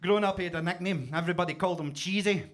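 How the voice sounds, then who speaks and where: A man's voice: high voice, rapid-fire. A Scottish man in his forties doing a stand-up set in a basement comedy club, with punchy, self-mocking storytelling. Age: 40s.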